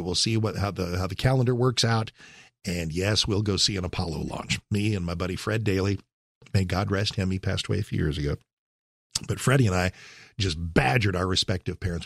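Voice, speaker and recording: A gravelly, husky-voiced man in his sixties hosts a talk radio show, winding through a memory with wry asides and frequent self-corrections. His voice sits low and sounds close and dry on a studio mic. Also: no room sound. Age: 60s. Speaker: radio host. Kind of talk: talk radio monologue, personal reminiscence.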